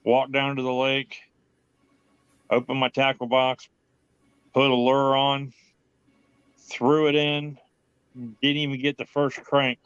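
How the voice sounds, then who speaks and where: A man's voice: medium pitch, flat delivery, slow pace, long pauses, fairly bright tone, smooth, no echo. A man from Ohio telling a story in casual chat, rambling and profane, quoting himself and others. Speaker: guest in group chat. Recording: dull, slightly lo-fi dry audio.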